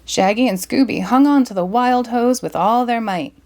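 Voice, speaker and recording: A woman reading a children's storybook aloud in a lively, expressive way. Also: a little high, normal speed. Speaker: storybook reader. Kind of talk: children's read-aloud narration.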